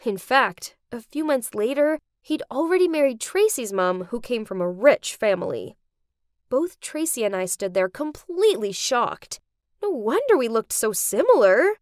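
Young female narrator, high-pitched and dramatic, dry read for an animated story. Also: unhurried, no room sound. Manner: dramatic, expressive.

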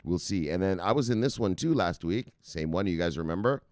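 A man's voice: deep voice, animated, fairly quick, darkish tone, dry recording, clean studio sound. A man hosting a crypto news channel, chatting casually and rambling as he reacts to market charts, swearing often and getting hyped. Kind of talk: casual chat, live market commentary.

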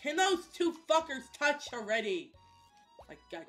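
A young woman streaming a game, chatting loosely with her chat, swearing and breaking into loud outbursts and chanted sound effects. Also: high voice, sing-song, a little slow. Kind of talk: casual gameplay commentary to chat. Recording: faint music behind the voice.

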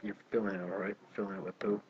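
A man's voice: deep voice, flat delivery, fast, noisy background. A man co-hosting a let's play, trading crude, jokey banter in casual gaming chat. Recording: slightly dull lo-fi audio.

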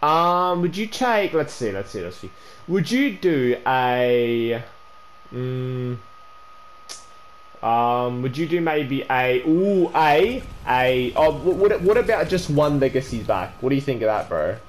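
Lively, stammering young man. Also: medium pitch, slow, slight background noise. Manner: stammering, repetitive, peppered with "bro" and "man". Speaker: gaming YouTuber. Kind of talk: casual gaming chat during a prank trade.

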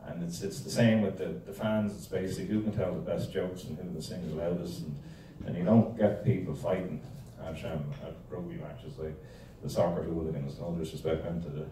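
Deep-voiced man telling jokes. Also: fairly even intonation, fairly quick, few pauses, background noise. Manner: rambling, joke-telling, self-interrupting. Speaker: guest speaker. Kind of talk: humorous talk to a club. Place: club meeting room. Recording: echoey room, distant mic.

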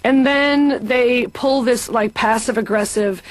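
A woman's voice: on the high side, moderate pace, no echo. Whiny, melodramatic comedian woman. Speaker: comedian playing a patient. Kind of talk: stand-up comedy in a cartoon.

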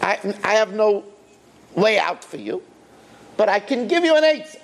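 A rabbi telling a story in a sermon, with an animated, emphatic delivery and swooping pitch. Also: male voice, moderate pace, gravelly, slight background noise.

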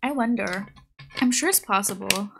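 This young woman talks casually as she streams a game, rambling with plenty of "like" and "um" as she goes. Her pitch sits in a plain middle range for a woman, and she speaks into a desk mic while on a call. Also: moderate pace, gravelly, background noise. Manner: chatty, rambling, many likes and ums. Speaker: VTuber streamer. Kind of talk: casual live-stream chat.

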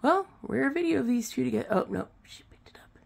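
A woman's voice: sits high, expressive, a little fast, creaky, breathy edge. A woman filming her cats on a phone, chatting to them affectionately in a casual pet vlog. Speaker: vlogger.

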